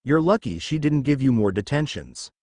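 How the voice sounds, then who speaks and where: A man's voice: medium pitch, very animated, normal speed, a little mellow, no echo. A man reading as a stern, scolding young witch. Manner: scolding, commanding.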